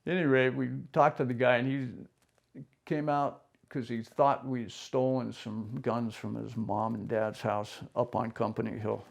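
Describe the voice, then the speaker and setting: An older man recounts local stories to an interviewer in a casual, meandering way. His gravelly, fry-laden voice sits at an ordinary middle pitch. He slips into quick impressions of the people in his tales. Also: little pitch movement. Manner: rambling anecdotes, acts out other people's lines. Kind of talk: casual storytelling.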